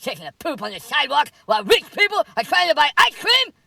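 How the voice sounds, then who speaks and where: A woman's voice: sits high, sing-song, fast talker, creaky, sharp tone, dry recording, full character voice. A woman doing a comedy sketch impression of a huffy, indignant wealthy politician. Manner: huffy then mumbling, filler-heavy.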